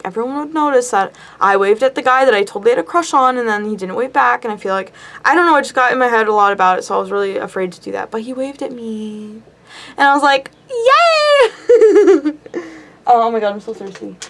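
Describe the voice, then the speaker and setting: A woman's voice: fairly high pitch, a bit bright. A young woman vlogger telling a rambling story to camera, giggling and squealing now and then.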